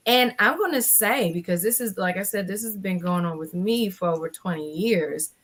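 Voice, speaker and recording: A woman in her forties, a guest on a casual panel chat, tells her own story with animation, acting out other people's lines. Her voice is mid-range and her pace moderate.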